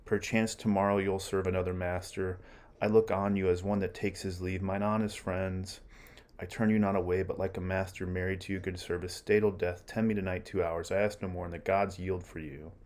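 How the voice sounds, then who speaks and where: A man reading aloud the lines of an aging Roman general in measured Shakespeare verse, during a lecture. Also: deep voice, level tone, darkish tone, lightly acted. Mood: solemn. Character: male Roman general, aging, grandly mournful.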